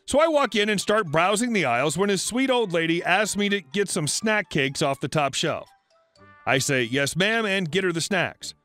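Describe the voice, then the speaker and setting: A man narrating online stories in a scripted reading, with lively delivery. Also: high-pitched, moderate pace. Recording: faint background music.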